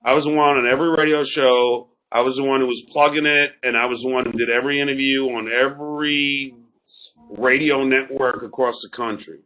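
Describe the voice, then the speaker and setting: Man, halting and stammering host, bright tone, dull lo-fi sound. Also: mid-range voice, fairly even intonation. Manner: halting, stammering, repeats words. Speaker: comedian and show host. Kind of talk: defensive storytelling in an argument.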